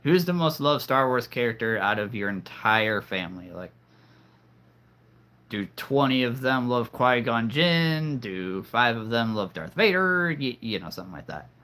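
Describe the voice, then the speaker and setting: A male streamer chatting casually to his live audience. He rambles from thought to thought, full of fillers and restarts. His voice has a bright, forward ring. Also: medium pitch, big pitch swings, a little slow.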